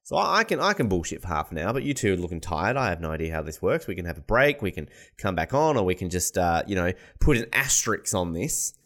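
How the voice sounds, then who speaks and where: A man's voice: deep voice, big pitch swings, quick pace, hardly any pauses, a bit bright. A man hosting a casual sports podcast, joking and rambling, often laughing. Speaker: podcast host. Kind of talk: casual chat.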